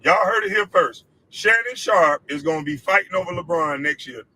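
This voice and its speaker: A man's voice: on the high side, normal speed, bright, forceful tone, slight background noise, low-quality recording. A man in a clip, ranting with heated, mocking, profane repetition. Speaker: former athlete in a clip. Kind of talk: profane rant.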